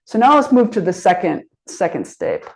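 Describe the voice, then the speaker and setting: A woman's voice: lowish voice, wildly swooping pitch, normal speed, poor audio. A middle-aged woman leading a workshop, telling stories casually with frequent fillers. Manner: chatty storytelling with frequent fillers. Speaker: workshop trainer and executive coach. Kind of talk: conversational workshop presentation.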